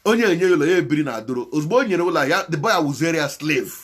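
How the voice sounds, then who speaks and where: A man's voice: lively intonation, racing. A man with a Nigerian Igbo accent delivering a moralizing monologue on his channel, mixing Igbo and English, impassioned and pleading by turns. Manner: impassioned and moralizing, swinging between loud exhortation and low pleading. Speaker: channel host.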